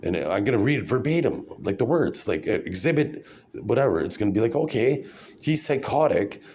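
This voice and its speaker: A man's voice: fairly low pitch, sing-song, brisk, a little mellow, slight background noise. A man in his forties talking in a rambling, sarcastic, blunt casual vlog rant. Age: 40s. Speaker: vlogger.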